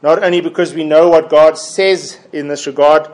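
A man preaching a Bible sermon in a deliberate, emphatic way, often repeating his key phrases. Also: a little high, steady tone, a little mellow.

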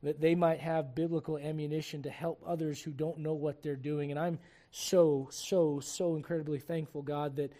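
A middle-aged man from Puerto Rico preaching a sermon to a congregation, shifting from fervent shouts to quiet, earnest appeals and slipping in jokes. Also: fairly high pitch, level tone, moderate pace, few pauses. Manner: joking asides to the congregation. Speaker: pastor. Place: church service before a congregation.

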